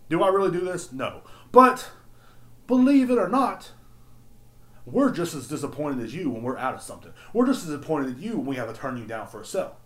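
A man hosting a podcast, telling work stories in a blunt, profane, animated rant. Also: medium pitch, quick pace, hardly any pauses. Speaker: podcast host. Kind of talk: casual storytelling rant. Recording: roomy echo.

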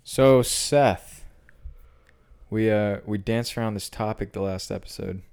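Young male co-host, low-ish voice, laid-back, casual chat. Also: measured pace, gravelly, darkish tone, clean tone. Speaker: podcast co-host.

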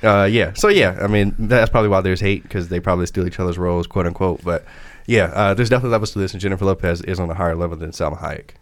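A man with a lowish, smooth voice chatting casually on a podcast about film news. He talks loosely, restarting sentences and dropping the odd swear word. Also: fairly even intonation, racing, no echo. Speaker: podcast co-host. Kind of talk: casual chat.

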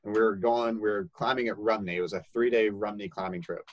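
A young man casually telling a story, lively and laughing, acting out quoted voices. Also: lowish voice, fast, dry recording, muffled recording.

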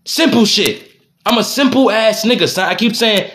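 A man's voice: high-pitched, moderate pace, a bit bright. A young man, venting alone on his podcast in a heated, profane, exasperated rant. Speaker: podcast host. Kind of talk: solo ranting monologue. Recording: roomy echo.

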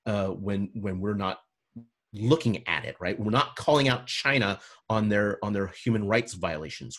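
A man's voice: lowish voice, breathy edge. A man appearing as a podcast guest, talking politics with mounting passion and some swearing. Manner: impassioned, swearing, rising to heated emphasis. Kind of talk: political discussion.

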